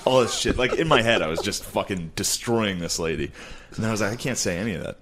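Low-voiced crude comic telling stories. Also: male voice, lively intonation, quick pace, noisy background. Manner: crude, storytelling, acts out quotes. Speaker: stand-up comic and podcast host. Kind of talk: casual podcast banter.

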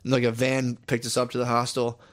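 A man's voice: medium pitch, completely flat delivery, brisk. A young man in his twenties in casual, crude chat, swearing often and mimicking people he has met.

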